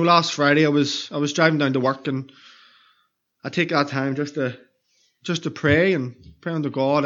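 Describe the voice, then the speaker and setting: A man's voice: medium pitch, a bit bright, highs cut off. A man preaching an evangelistic sermon in a church, earnestly pleading with repeated questions.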